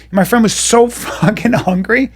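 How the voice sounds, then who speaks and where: A man's voice: high-pitched, normal speed. A man hosting a comedy podcast, telling crude stories in a rambling, profane, casual way. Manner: crude, rambling, swears freely.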